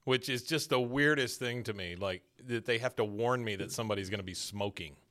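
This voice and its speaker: A man's voice: mid-range voice, fairly quick, pushed and bright. A man co-hosting a casual chat podcast, recapping a cartoon episode scene by scene, often laughing and briefly mimicking the characters' lines.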